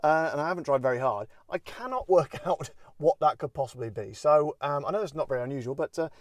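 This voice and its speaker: A man's voice: fairly high pitch, animated, fast talker, no room sound. A man hosting a casual car walkaround review, rambling with jokey, self-deprecating asides. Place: in and around a parked car.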